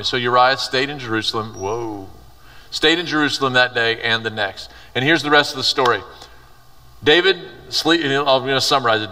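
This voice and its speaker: A man's voice: medium pitch, sharp tone, far from the mic. A man preaching a youth sermon, reading scripture aloud and retelling it in casual, conversational terms. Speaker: youth pastor. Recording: reverberant hall, voice from afar.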